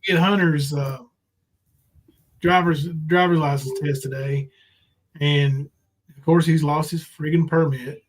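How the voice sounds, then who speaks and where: A man's voice: a little high, steady tone, unhurried, pauses often, a little hiss or hum. A man hosting a livestream, rambling casually and hesitating. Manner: rambling, hesitant, with many fillers.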